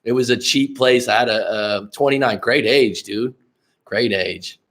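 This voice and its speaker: A man's voice: mid-range voice, measured pace, a bit bright. A man hosting a casual livestream as a life coach, rambling and swearing freely while talking to viewers in the chat. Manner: rambling, profane, addresses chat viewers directly.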